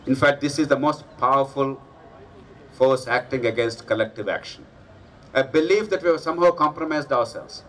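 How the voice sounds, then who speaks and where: A man's voice: mid-range voice, normal speed, slight background noise. Distant man giving a speech. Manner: anecdotal, earnest, persuasive. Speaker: rally speaker. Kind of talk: public speech with storytelling. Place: public rally gathering. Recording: distant mic with faint ambience.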